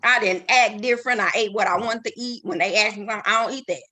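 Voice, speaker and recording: A woman in her thirties on a casual live panel chat, animated and emphatic, often restarting her sentences. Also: mid-range voice, fast talker. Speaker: panel host.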